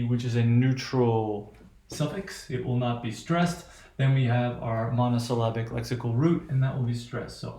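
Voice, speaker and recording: A man's voice: mid-range voice, a little mellow. A man with an American accent teaching a class on intonation, hesitant, with many fillers and frequent "right?" checks. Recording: echoey room.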